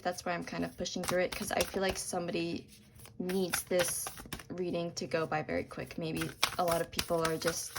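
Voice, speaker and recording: A woman's voice: lowish voice, noisy background. Young woman doing a tarot reading, kind and sorry-sounding, voice cracking a bit, lots of ums. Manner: gentle, reassuring, with frequent ums and apologies. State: voice cracking from talking a lot. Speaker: tarot reader.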